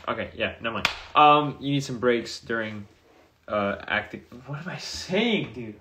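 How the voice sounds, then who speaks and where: A man's voice: medium pitch, animated, normal speed, pushed and bright, slight background noise. Chatty young man on a phone livestream. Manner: chatty and loose, reading out and reacting to comments. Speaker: streamer answering viewer comments. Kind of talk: casual livestream chat.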